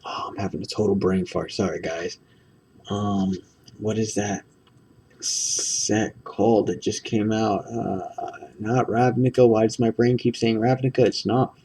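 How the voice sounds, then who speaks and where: A man rambles through a stack of trading cards, stopping for ums and second thoughts. His voice is gravelly and dark. The mic sits some distance away. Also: on the low side, steady tone, measured pace. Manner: rambling, full of ums and self-corrections. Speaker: card-opening video host. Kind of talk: casual card-opening commentary.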